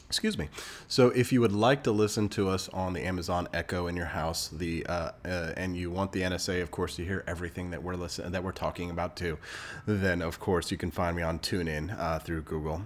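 A man's voice: low-pitched, fairly even intonation, brisk, fairly bright tone. A man in his thirties from Missouri, hosting a casual podcast and telling stories in a rambling, chatty way with many fillers and restarts. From Missouri, United States. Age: 30s. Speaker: podcast host.

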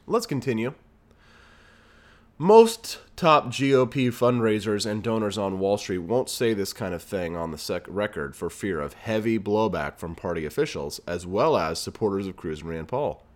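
A man's voice: lowish voice, lively intonation, moderate pace. A man hosting a political podcast, ranting in a fired-up way and reading news aloud with his own asides. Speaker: podcast host. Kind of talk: political commentary monologue.

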